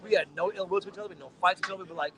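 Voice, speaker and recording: With a noisy background behind him, a podcast co-host races through a long story in a high-pitched voice. His telling is casual, profane, and animated, complete with acted-out quotes.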